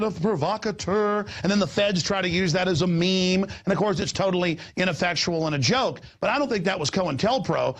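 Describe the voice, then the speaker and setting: A man hosting a show, talking in a rambling, animated way, stammering and repeating words. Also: high-pitched, creaky. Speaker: host. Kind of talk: rambling on-air chat. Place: studio in Austin.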